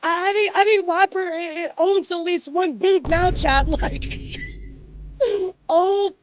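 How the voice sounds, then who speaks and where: High-voiced, slow-talking woman streamer. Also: lo-fi sound, a little hiss or hum. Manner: overwhelmed, swearing, addressing chat as "dude" and "guys". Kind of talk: live-stream chat.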